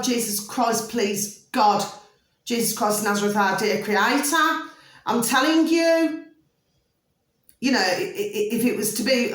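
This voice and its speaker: Woman vlogger, fairly high voice, ranting emphatically to camera in a very echoey room. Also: a bit bright. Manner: repetitive, keeps asking "do you see what I'm saying"; emphatic, peppered with "flipping". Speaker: video blogger. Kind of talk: casual talking-to-camera rant.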